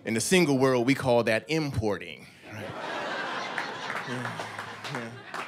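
Animated stand-up comedian, lively voice. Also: male voice, mid-range voice, takes it slowly. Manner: animated storytelling with voiced asides. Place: comedy club stage. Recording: club stage mic with audience noise.

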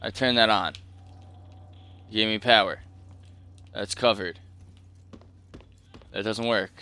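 A man's voice: lowish voice, slow pace, pushed and bright, clear, resonant tone. A hungover man streaming a horror game live, muttering frustrated questions to himself as he plays. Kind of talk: live gameplay commentary.

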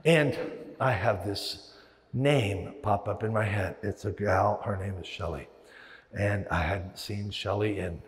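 This man's voice is fairly low and his delivery a little slow. Preaching as pastor in a large church hall, he tells stories with animation and acts out the voices in his head, captured with the hall's long reverb.

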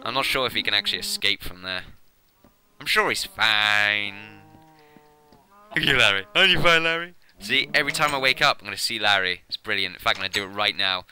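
A man giving casual, excitable gameplay commentary as a channel host, with swearing and laughing asides. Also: fairly low pitch, brisk.

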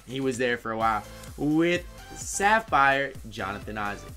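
A gaming YouTuber gives excitable live commentary over his own video game, cheering and addressing the players on screen. He speaks at a measured pace in a medium pitch, with faint music behind him.

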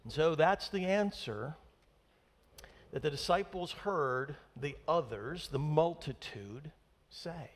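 Animated high-voiced pastor in a reverberant hall. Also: male voice, takes it slowly. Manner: animated, asks the congregation rhetorical questions. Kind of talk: sermon. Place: church sanctuary. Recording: long church hall reverb.

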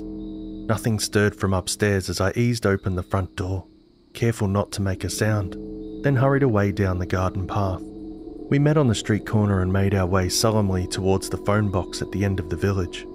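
A man with a lowish voice tells a horror story in first person, measured and dramatic. Music plays clearly under his narration.

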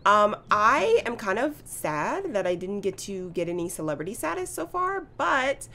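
Chatty woman with a very lively voice. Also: medium pitch, normal speed. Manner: chatty, excitable, gasps and laughs at the action. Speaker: gaming channel host. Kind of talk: casual let's-play commentary.

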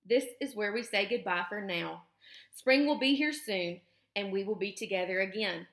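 A woman reading the part of a calm, polite female robot who speaks formally without contractions. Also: medium pitch, normal speed. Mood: steady. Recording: roomy echo.

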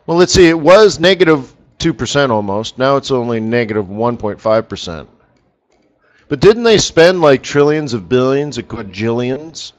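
With big swings in pitch around a mid-range voice and a moderate pace, a forex strategist hosts a live trading session. His commentary is casual, drifting into rambling anecdotes while he laughs at his own jokes.

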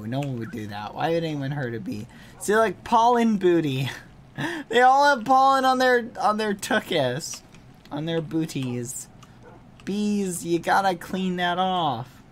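Man streamer, playful, swooping animated delivery, unhurried pace, gushing squeals. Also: sits high, slight background noise. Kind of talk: live game stream chat.

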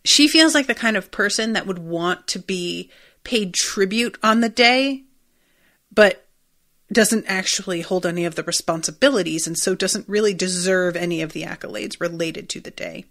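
A woman's voice: lowish voice, moderate pace, a bit bright. A woman hosting a podcast, recapping a TV episode in a rambling, chatty way and swearing freely. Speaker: podcast host.

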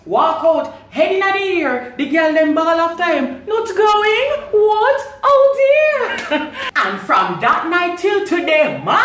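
A woman with a Jamaican accent giving a lively, performative recitation of a dialect poem, laughing between lines. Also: very high voice, echoey room. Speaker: guest, designer. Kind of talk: dramatic dialect poetry recitation.

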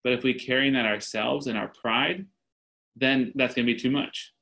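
A man's voice: mid-range voice, fairly even intonation, normal speed, gravelly, pushed and bright, low-quality recording. Earnest man speaking on a panel. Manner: earnest, telling stories with quoted voices. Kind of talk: panel discussion.

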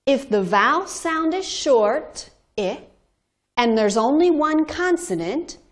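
A woman teaching grammar to learners, explaining slowly and deliberately, spelling out letters and repeating words. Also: a little high. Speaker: English teacher. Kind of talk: slow, deliberate classroom explanation.

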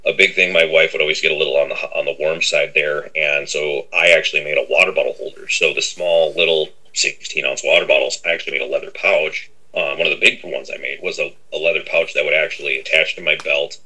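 A middle-aged man with a very low, deep voice talks through an interview in a loose, rambling way. His tone is bright and forward. He fills the gaps with ums and keeps circling back to the same stock phrase. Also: breathy edge, rough recording. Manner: rambling, with many fillers and a habit of repeating "on that end". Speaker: interview guest. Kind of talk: casual interview talk.

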